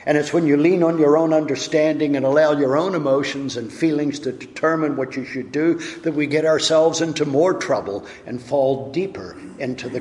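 A man's voice: mid-range voice, darkish tone. A man preaches a sermon in an earnest, storytelling way, lifting and dropping his voice for emphasis. His voice sits in the middle range and rings with a long echo from a large hall.

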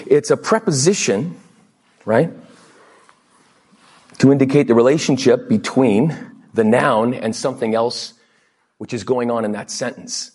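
A man delivers a sermon in an easy, conversational way, telling stories and slipping into lively voices when he quotes people. His voice has a husky, breathy edge at a middling pitch. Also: unhurried, long pauses. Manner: chatty and anecdotal, quoting people in lively voices. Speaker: guest preacher.

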